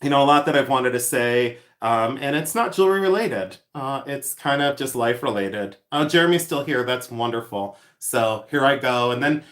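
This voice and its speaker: A man's voice: medium pitch, animated, normal speed, hardly any pauses, a bit bright. Giggly man chatting on a livestream, echoey room. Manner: giggly, rambling, lots of ums and laughs. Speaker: livestream host selling vintage jewelry. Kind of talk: casual livestream chat reading viewer comments.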